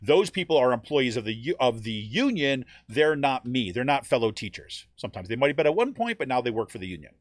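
A man's voice: mid-range voice, fairly quick, hardly any pauses, no echo. Man explaining casually, checking in with "right?". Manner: conversational, frequent "right?" check-ins, animated quoting. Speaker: teacher and union member. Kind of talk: explanatory talk.

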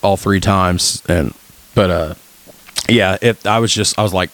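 Lower-voiced man in his thirties, joking. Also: measured pace, fairly bright tone. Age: 30s. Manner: joking, rambling, does voices in his stories. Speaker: podcast co-host. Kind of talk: casual podcast chat.

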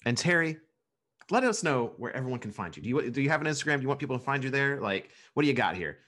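A man's voice: mid-range voice, sing-song, fast, a bit bright. A man hosting a podcast in casual chat, loose and joking, with lots of "like" and "you know". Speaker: podcast host.

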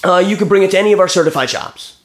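A man's voice: high-pitched, racing. A man in his thirties telling a story in casual chat, acting out phone calls and swearing freely. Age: 30s.

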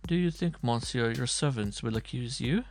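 A man voicing a stern medieval judge who speaks with ominous calm. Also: medium pitch, soft background music, natural voice. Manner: calm, measured, cutting.

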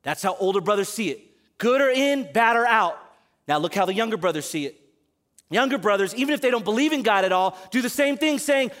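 A man preaching a sermon to a congregation, animated, moving between loud emphatic calls and quiet asides. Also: high voice, brisk. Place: church service in front of a congregation.

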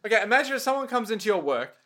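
A man's voice: high voice, very animated, racing, fairly bright tone. A man co-hosting a podcast, riffing playfully in casual, sweary banter. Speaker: podcast co-host.

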